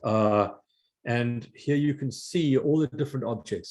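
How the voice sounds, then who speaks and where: An older man giving an informal art history slide lecture, halting with many fillers and restarts. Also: medium pitch, darkish tone.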